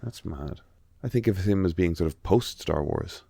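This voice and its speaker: A man's voice: deep voice, lively intonation, moderate pace, gravelly, dark tone, slightly rough, no echo. An Irish man co-hosting a podcast in casual chat, rambling and swearing freely with lots of restarts. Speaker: podcast co-host.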